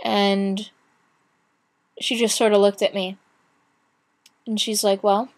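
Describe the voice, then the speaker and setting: A woman's voice: medium pitch, little pitch movement, slow pace. A young woman chatting casually in a video blog, retelling her day with many restarts and acted-out quotes. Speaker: vlogger. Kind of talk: casual chat.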